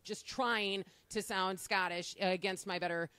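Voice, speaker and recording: A woman's voice: medium pitch, fairly even intonation, moderate pace, sharp tone, clear, resonant tone, no echo. A woman radio host presenting a live on-location segment from a bakery, upbeat and teasing her co-host.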